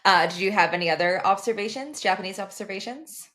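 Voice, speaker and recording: A woman's voice: medium pitch, quick pace, a bit bright. A woman co-hosting a podcast, casually asking questions and laughing along. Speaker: podcast co-host. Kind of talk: casual chat.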